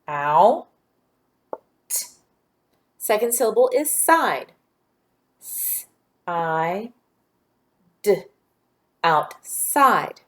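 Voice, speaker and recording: A woman teaching a children's phonics lesson, giving clear directions and encouraging praise. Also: on the high side. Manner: slow, clear, drawn-out words.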